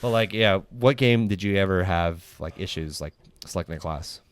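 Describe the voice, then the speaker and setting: Speaking low at normal speed, a young man hosts a casual podcast chat, telling rambling stories thick with fillers and restarts.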